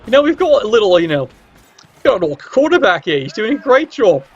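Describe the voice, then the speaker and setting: A man's voice: high-pitched, sing-song, brisk, slightly rough, soft background music. A man giving casual, wry commentary on a video game match and teasing the players. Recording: dull lo-fi recording.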